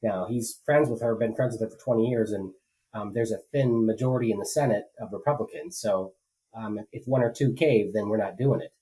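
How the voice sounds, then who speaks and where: A man's voice: lowish voice, brisk, warm tone, slight background noise, low-quality recording. A man co-hosting a political podcast, talking casually and rambling with many fillers and restarts. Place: rural home.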